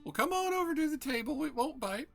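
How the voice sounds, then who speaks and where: A man's voice: very high voice, animated, creaky, soft background music, pitched above the performer's own voice, full character voice. A game master voicing a chatty, motherly older female innkeeper who fumbles over her words. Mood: hospitable. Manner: fumbling, friendly, quick to laugh. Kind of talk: narrating a tabletop game.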